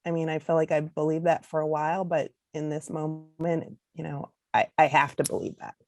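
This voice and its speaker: A woman book artist speaking on a panel, earnest and halting, losing her voice and clearing her throat. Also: low voice, level tone, a little mellow, no echo, studio quality. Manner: earnest, repeats herself with "um"s. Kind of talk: panel discussion.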